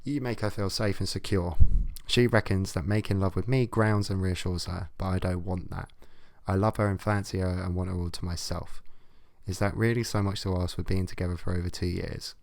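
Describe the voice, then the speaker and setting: A man with a very low voice, ranting through advice letters with blunt, sweary sarcasm. His voice sounds close and dry, with no room echo. He delivers the comic reading as a host. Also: fairly even intonation, a little fast, creaky.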